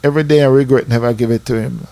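Jamaican man, mid-pitched, dry close sound, lively testimony storyteller with patois. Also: racing, creaky, no echo. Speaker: church member giving testimony.

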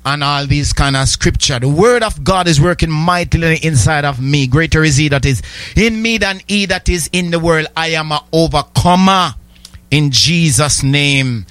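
A man preaching a sermon, building rhythmic, repeated declarations that swell toward shouting. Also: a little high, moderate pace, no room sound.

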